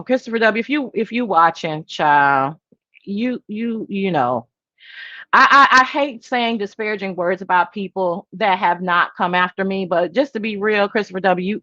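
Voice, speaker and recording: A woman hosting a casual livestream chat and reading viewer comments. She talks in an animated, emphatic, sassy way, swinging between high exclamations and low asides. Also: no echo, lo-fi sound. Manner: sassy, talks straight to viewers as "girl" and "child". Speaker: livestream host.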